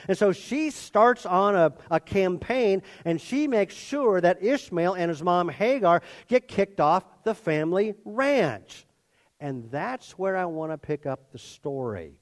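Man, pastor, conversational sermon, animated pitch, unhurried. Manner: expressive, conversational, acts out characters.

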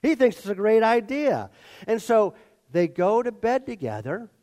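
A man's voice: high voice, a little slow. A man preaching a conversational sermon and acting out the characters in his story. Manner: expressive, conversational, acts out characters. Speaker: pastor.

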